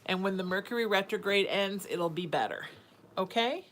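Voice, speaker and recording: A woman's voice: mid-range voice, moderate pace, a bit bright. Woman host chatting and cooing to her cat. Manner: talks baby-talk to her cat between readings. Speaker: psychic show host. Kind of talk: casual live-stream chat.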